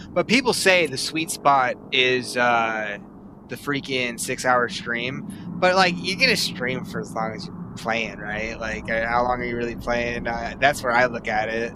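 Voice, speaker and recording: A man's voice: mid-range voice, normal speed, background noise. A man chatting casually with a friend during a stream, easygoing and slangy with casual swearing. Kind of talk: casual gaming chat.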